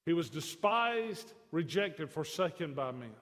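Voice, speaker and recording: High-voiced preacher in a reverberant hall. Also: male voice, sing-song, unhurried, fairly bright tone. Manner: conversational preaching with folksy asides, rising to emphatic declarations. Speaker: pastor. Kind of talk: sermon.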